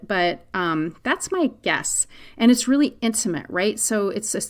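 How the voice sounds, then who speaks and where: A middle-aged woman hosting a parenting podcast, answering a listener's question in a candid, conversational way. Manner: candid, conversational, animated pitch swings.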